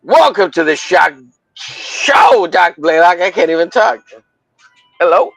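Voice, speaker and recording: A man's voice: high voice, lively intonation, unhurried, gravelly, a bit bright, no echo, rough recording. A man hosting a casual drawing livestream, rambling and joking, with profane banter. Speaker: livestream host, comic artist.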